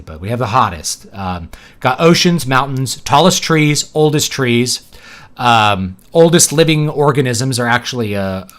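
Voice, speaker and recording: A man's voice: medium pitch, fairly bright tone. A man from East Texas chatting casually while playing a video game, rambling from topic to topic and laughing often. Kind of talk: casual gameplay commentary.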